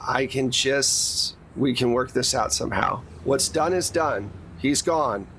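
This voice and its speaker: A stammering hitman caught in the act, as a man puts him on in a tabletop game. He stumbles over his words and keeps trying to calm everyone down. A faint hiss sits behind him. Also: mid-range voice, measured pace. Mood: nervous. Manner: stammering, placating.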